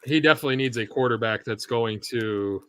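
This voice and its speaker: This co-host of a live sports stream talks a little fast in a mid-range voice that is bright, forceful, clear, and resonant, with no echo. His casual chat rambles freely, and he listens to a TV feed through a headset or earpiece.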